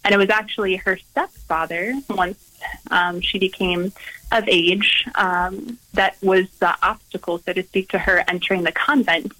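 A woman who is a Carmelite nun, telling a story in an interview in a gentle, earnest way with frequent pauses. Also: medium pitch, fairly even intonation, low-quality recording. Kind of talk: reflective storytelling in conversation.

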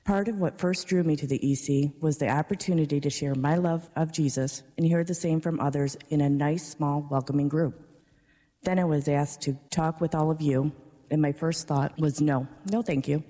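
Woman, parishioner, prepared testimony, steady, mellow, reverberant church. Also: deep voice, moderate pace. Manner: earnest, steady. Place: large church.

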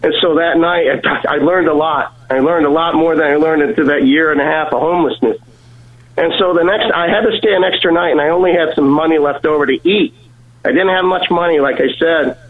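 A man's voice: on the high side, a little fast, crowd noise. Earnest man on a tinny phone line. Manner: earnest, stumbles and repeats words. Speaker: guest sharing a testimony. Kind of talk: personal storytelling.

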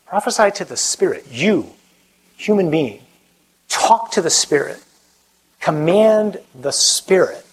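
Husky-voiced priest preaching with energy. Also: male voice, a little high, unhurried, long pauses, low-quality recording. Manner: animated, acts out quoted voices. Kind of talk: preaching talk and prayer.

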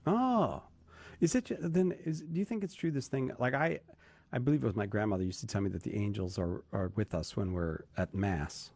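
A man's voice: on the low side, a little fast, creaky, darkish tone, no room sound. A man hosting a talk show, joking and teasing and asking lots of questions. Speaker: host. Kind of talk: call-in radio show chat.

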